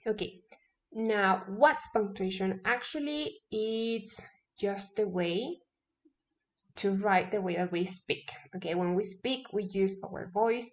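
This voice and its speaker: Lively woman teacher checking in often. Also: mid-range voice, slow. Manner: lively, stresses key words, many "okay?" checks. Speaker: English teacher. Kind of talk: casual classroom lesson.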